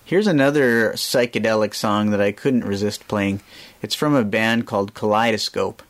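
A man's voice: lowish voice, normal speed. A man hosting a children's music radio show, chatting casually and explaining things simply for kids.

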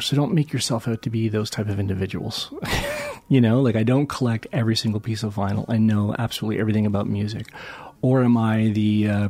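Gravelly, husky radio host. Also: male voice, mid-range voice, a little mellow. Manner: rambling, self-deprecating, many fillers and restarts. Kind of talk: casual radio chat introducing tracks.

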